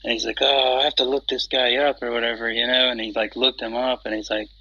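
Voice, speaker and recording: A man's voice: mid-range voice, little pitch movement, fast talker, bright, forceful tone. A man chatting casually on an audio call, rambling with many fillers and restarts. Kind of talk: casual chat. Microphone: phone on an audio chat app. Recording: dull lo-fi app audio.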